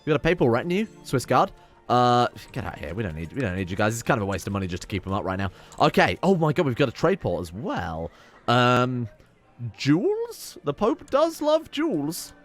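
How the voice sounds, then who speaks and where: A man's voice: medium pitch, very animated, fast talker, a bit bright, faint music behind. A young man casually commenting on his strategy game, reading event text aloud, wry and swearing now and then. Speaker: game streamer. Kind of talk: casual let's play commentary.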